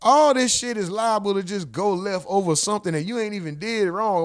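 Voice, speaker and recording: A fairly high-voiced man rants at his livestream chat in loose, profane slang, jumping up into mocking voices to act out other people. The sound is close and dry, with no room around him. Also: quick pace, hardly any pauses, clear, resonant tone, dry recording. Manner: animated, mocking voices of others with sudden pitch jumps; profane, slangy street talk addressing chat. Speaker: livestream host reacting to clips. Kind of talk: casual reaction commentary.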